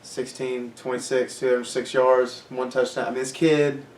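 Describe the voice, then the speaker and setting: A young man co-hosting a sports podcast, chiming in with relaxed quips. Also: mid-range voice, normal speed, echoey room, far from the mic. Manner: laid-back, chiming in with quips. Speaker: podcast co-host. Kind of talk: casual sports podcast banter.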